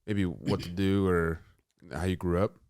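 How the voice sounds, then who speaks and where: A male podcast host asks his guest quick, casual questions, often restarting mid-sentence. His voice is very deep and smooth, and the sound is dry and close. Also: steady tone, a little mellow, no room sound.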